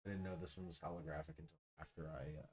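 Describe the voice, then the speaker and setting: A man's voice: extremely low pitch, fairly even intonation, racing, a crowd in the background. Joking male streamer, mumbles then bursts out. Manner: joking and rambling, jumping between mumbling asides and loud outbursts. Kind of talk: casual live-stream chat.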